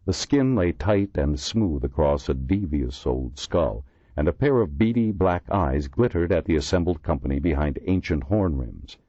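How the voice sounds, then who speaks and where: A deep-voiced man narrating an audiobook with a lively, expressive pitch. The recording is dry and close, slightly dull and lo-fi. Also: husky, no room sound. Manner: measured storytelling with many voices. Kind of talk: scripted narration.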